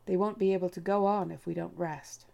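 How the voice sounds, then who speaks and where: A woman's voice: lowish voice, steady tone, a little fast, vocal fry, warm tone. A woman reading Bigwig, a blunt, sturdy male rabbit.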